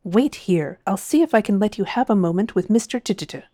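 A woman voicing an impatient, busy housewife in an audiobook reading, with a metallic, sharp voice and curt, snappish delivery. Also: medium pitch, expressive, fairly quick, no room sound, natural voice.

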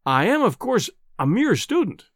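A man's voice: on the high side, big pitch swings, normal speed, dry recording, studio quality. A man reading an audiobook, voicing an eager young journalist who speaks humbly and with feigned earnestness. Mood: deferential. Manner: deferential, falsely earnest.

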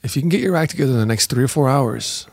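A man's voice: medium pitch, expressive, rapid-fire, creaky, no room sound. Upbeat man in an improv sketch.

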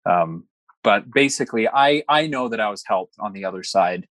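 A man's voice: fairly low pitch, animated, moderate pace, fairly bright tone, no room sound. A young man as a podcast guest, telling a personal story earnestly, with flashes of light humor. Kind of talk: personal story told in an interview.

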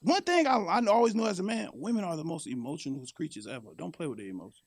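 A young man with a high, swooping voice rants profanely as a podcast guest. He sounds close and dry, with no room around him. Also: fast, breathy edge, no room sound. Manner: animated, profane, ranting. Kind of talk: casual podcast chat.

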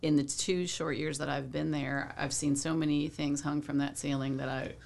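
A woman's voice: low voice, flat delivery, normal speed, creaky, a little mellow. A woman, a venue staff member chatting casually as a podcast guest and laughing easily.

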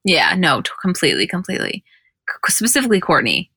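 A young woman co-hosting a casual podcast, retelling scenes in an animated, giggly way. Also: on the low side, fast, husky, dry recording, studio quality. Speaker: podcast co-host. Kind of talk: casual podcast chat recapping episodes.

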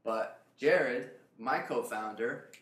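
A man's voice: medium pitch, takes it slowly. A man who founded a travel company talks casually in a group, acting out the lines of others as he tells stories. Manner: animated storyteller, acts out others' lines. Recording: echoey room, faint background noise.

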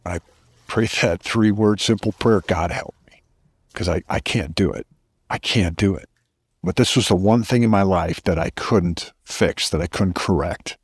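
Deep husky-voiced man telling a personal story. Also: normal speed, no echo, studio quality. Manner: earnest, reflective, emphatic. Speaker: podcast guest.

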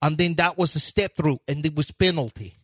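A man impersonating an excitable Eastern European basketball coach, with a put-on Russian-style accent and broken English. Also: fairly high pitch, brisk. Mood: excited. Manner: broken English, loud and ranting.

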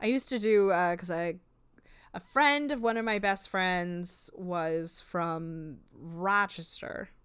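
A woman's voice: fairly low pitch, takes it slowly, fairly bright tone, clean tone, dry recording. A woman co-hosting a podcast, chatting casually about a reality show and sarcastically acting out the cast's lines. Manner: chatty, sarcastic, acts out quotes in funny voices. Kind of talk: casual chat.

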